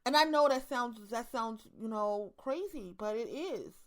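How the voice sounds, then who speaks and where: With a slightly high, expressive, somewhat bright voice at a measured pace, this online commentator talks to her viewers. She is in her 30s with a Baltimore accent, and her casual monologue is blunt, profane, and heavy on repetition to press her points.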